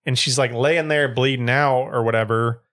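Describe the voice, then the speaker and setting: A man's voice: medium pitch, steady tone, moderate pace, a bit bright. A young man co-hosting a casual podcast, retelling a story with lots of swearing and acted-out quotes.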